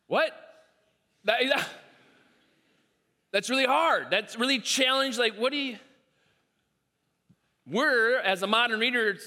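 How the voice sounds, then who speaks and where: Preacher, man, high bright voice, animated delivery, big reverberant hall. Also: slow, long pauses. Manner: animated, acts out quoted voices, repeats himself. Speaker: pastor. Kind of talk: sermon.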